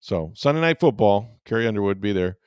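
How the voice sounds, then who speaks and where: A man's voice: on the low side, expressive, brisk, smooth, no echo, studio quality. A middle-aged man hosting a sports podcast, telling a rambling story in casual chat with lots of fillers.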